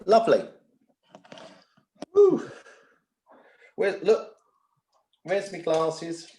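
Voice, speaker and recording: Male medium giving readings, slightly high voice, echoey home room, keeps asking if you follow. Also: wildly swooping pitch, very slow, warm tone. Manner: chatty, checks in with the sitter often. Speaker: spiritual medium. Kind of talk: giving readings at a spiritual service.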